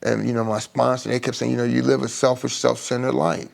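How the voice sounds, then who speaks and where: Gravelly middle-aged man, halting and heartfelt. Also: mid-range voice, little pitch movement. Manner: halting, with many restarts and fillers. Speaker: speaker sharing his recovery story. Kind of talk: emotional personal testimony on a live stream.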